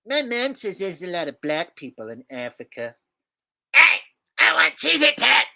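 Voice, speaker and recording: A bratty cartoon schoolboy whines and shouts in tantrums. The voice sits high and tense, with a gravelly rasp. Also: male voice, huge pitch swings, normal speed, exaggerated voice. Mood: smug. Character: bratty, whiny cartoon schoolboy, foul-mouthed.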